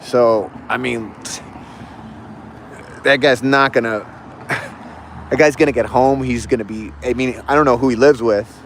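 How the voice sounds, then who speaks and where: A man hosting a casual livestream, telling a reflective story in a halting, rambling way with many restarts. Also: mid-range voice, steady tone, slight background noise. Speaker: livestream host.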